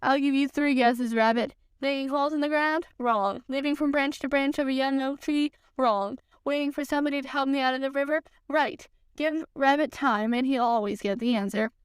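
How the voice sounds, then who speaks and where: A woman's voice: high voice, steady tone, moderate pace, hardly any pauses, no room sound, close to an everyday voice. A woman reading a storybook aloud, voicing a gloomy, coldly sarcastic old male donkey. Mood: sardonic.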